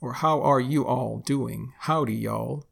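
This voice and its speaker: A man from Texas with a Texan accent, teaching English phrases slowly and deliberately, repeating each example. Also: medium pitch, vocal fry. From Texas, United States. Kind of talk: explaining lesson.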